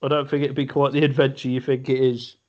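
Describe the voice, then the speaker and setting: A man's voice: medium pitch, level tone, fast talker, darkish tone. A man, co-hosting a podcast in playful casual chat, laughing often. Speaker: podcast co-host. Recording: dull lo-fi audio.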